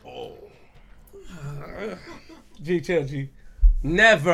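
A man's voice: on the high side, wildly swooping pitch, slow pace, pushed and bright. A thirty-year-old man hosting a podcast in casual chat, brash and teasing, swearing freely. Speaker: podcast host.

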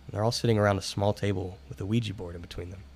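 Low-voiced man reading a ghost story. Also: fairly even intonation, rapid-fire, darkish tone, a little hiss or hum. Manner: dramatic reading with occasional stumbles. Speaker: podcast co-host and storyteller. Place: room with friends, candle lit.

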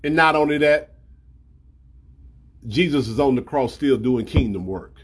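A man's voice: mid-range voice, animated, a little slow, husky. A man preaching a sermon in a colloquial, emphatic way, acting out scripture.

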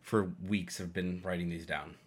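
A man's voice: deep voice, fairly even intonation, normal speed. A young man co-hosting a podcast, chatting casually and rambling playfully, now and then breaking into goofy voices. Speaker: podcast co-host. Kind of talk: casual chat.

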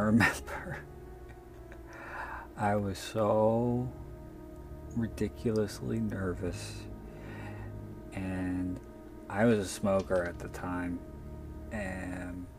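A man with a fairly low voice tells a candid, self-deprecating story and swears casually as he goes. He speaks slowly and unhurriedly, like an author talking about his own book. Soft music plays faintly behind him.

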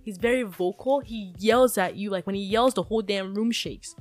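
A woman co-hosting a casual podcast among friends, telling a story with lots of swearing and acted-out shouting. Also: mid-range voice, moderate pace, soft background music. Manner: animated storyteller, swears freely, acts out shouting. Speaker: podcast co-host.

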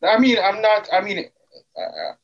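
A man's voice: sits high, huge pitch swings, unhurried, creaky, lo-fi sound. A man co-hosting a casual podcast chat, asking playful, teasing questions. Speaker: podcast co-host.

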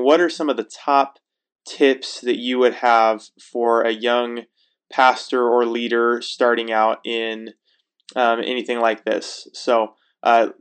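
A man's voice: medium pitch, fairly bright tone, clear, resonant tone. A twenty-year-old man from Oregon, a young associate pastor, politely leaving an earnest recorded question for a podcast. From Oregon, USA. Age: 20s.

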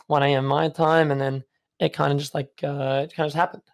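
A man's voice: a little high, level tone, a little fast, creaky. A young man, a guest in a casual chat, rambling with lots of fillers. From Australia. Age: young adult. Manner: rambling, filler-heavy, laid-back.

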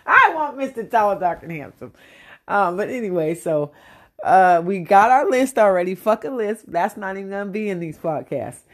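A woman's voice: mid-range voice, expressive, normal speed. A middle-aged woman hosting a dating-coach podcast, delivering a brash, profane comic rant and laughing often.

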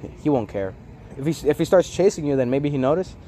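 A man's voice: fairly high pitch, fast talker, slight background noise. A young man in casual chat with friends, telling a story with lots of laughs and acting out what others said. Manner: animated, laughing, acts out friends' lines.

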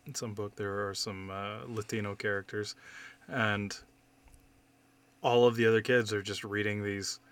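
A man's voice: on the low side, measured pace, clear, resonant tone. Candid, swearing man in casual chat. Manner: candid, swears freely, animated storytelling. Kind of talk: casual conversation.

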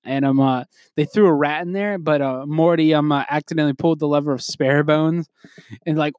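A man's voice: on the high side, fairly even intonation, brisk, darkish tone, no echo, clean studio sound. Rambling man with lots of fillers. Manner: rambling, full of "like" fillers and chuckles. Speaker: podcast host. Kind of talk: casual chat.

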